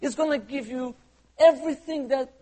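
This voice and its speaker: High-voiced male pastor preaching. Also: normal speed, mellow. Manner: conversational, quizzes the congregation with questions; humorous asides. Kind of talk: sermon.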